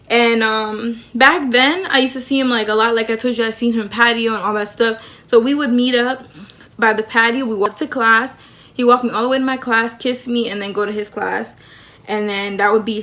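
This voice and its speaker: A young woman vlogger chatting through a personal story time, animated and talkative, acting out what people said. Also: on the high side. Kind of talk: storytime vlog.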